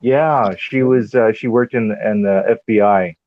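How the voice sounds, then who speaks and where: A man's voice: on the low side, measured pace, lo-fi sound, crowd noise. A man co-hosting a casual podcast chat, teasing the others and laughing often. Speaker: podcast co-host. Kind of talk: casual group chat on a stream.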